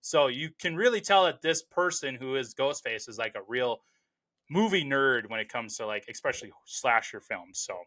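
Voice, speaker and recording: Upbeat bright-voiced man reviewing movies. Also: medium pitch, lively intonation, normal speed. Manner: rambling and enthusiastic, heavy on "you know" and restarts. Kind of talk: casual spoken film review.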